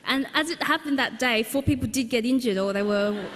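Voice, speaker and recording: Woman, higher voice, funny storytelling talk, long hall reverb. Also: a little fast, a bit bright, slight background noise. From Australia. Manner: humorous, anecdotal, frequent fillers. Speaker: speaker at a book launch. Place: large exhibition hall, live audience.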